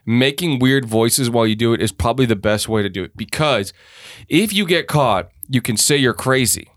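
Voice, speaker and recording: A man's voice: mid-range voice, lively intonation, normal speed, dry recording. A man co-hosting a podcast in a blunt, profane way, drifting into musing explanations. His voice sits in an ordinary middle range. The sound is dry and close to the mic. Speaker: podcast co-host. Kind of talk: casual chat.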